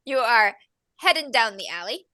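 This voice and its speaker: Woman game master, chatty, lively pitch, bright tone, dry close sound. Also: moderate pace, no room sound. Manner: chatty with fillers and laughs. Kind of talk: narrating a tabletop game.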